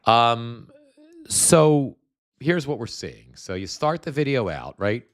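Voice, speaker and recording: A man's voice: mid-range voice, very animated, slow pace. A man hosting a live stream, talking bluntly and scornfully, with many restarts as he explains things at his computer. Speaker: show host.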